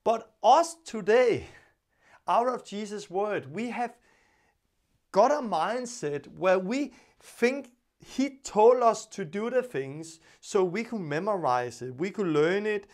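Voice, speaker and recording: A man teaches a Bible lesson, speaking in a notably high voice for a man. He talks earnestly in English, repeating his points and restarting sentences, and briefly acts out the voices of the people he quotes. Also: animated, takes it slowly, a little mellow. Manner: non-native English with frequent restarts.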